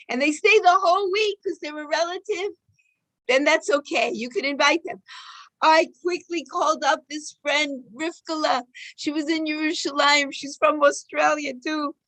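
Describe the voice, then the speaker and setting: A woman's voice: high-pitched, a bit bright, dry recording, poor audio. A woman giving an informal, emotive Torah class, telling personal stories and sprinkling in Hebrew and Yiddish terms. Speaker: Torah teacher.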